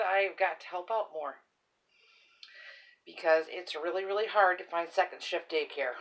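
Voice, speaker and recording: A woman's voice: lowish voice, fairly bright tone, poor audio. An older woman, a grandmother, chatting casually and rambling in a folksy way while showing a shopping haul; she says she is tired. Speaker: haul vlogger. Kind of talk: casual chat.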